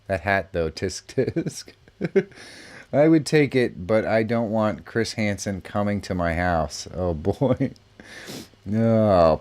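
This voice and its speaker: A man's voice: low voice, a little mellow. Chatty man hosting a live stream. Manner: chatty, laughs often, reacts to chat messages. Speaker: live show host. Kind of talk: casual live-stream chat reading comments.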